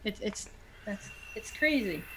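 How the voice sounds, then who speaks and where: Woman in lively chat. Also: medium pitch, a little slow, noisy background. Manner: animated, full of false starts. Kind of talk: casual chat.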